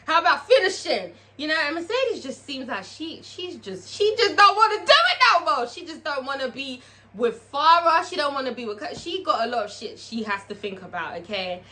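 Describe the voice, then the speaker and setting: Woman doing a tv recap, swears a lot, bright voice, kinda high. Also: normal speed. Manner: profane, animated, talks straight to viewers. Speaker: TV review vlogger. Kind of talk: casual TV episode recap.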